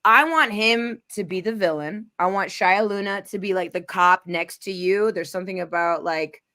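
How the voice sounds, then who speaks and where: A woman hosting a casual chat, excitable and rambling, with lots of "like" as she talks. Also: mid-range voice, moderate pace. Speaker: host.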